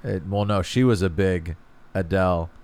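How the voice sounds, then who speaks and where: A man's voice: deep voice, moderate pace, a little mellow, clean tone. A man co-hosting a podcast in casual chat, laid-back and teasing, laughing easily. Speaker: podcast co-host.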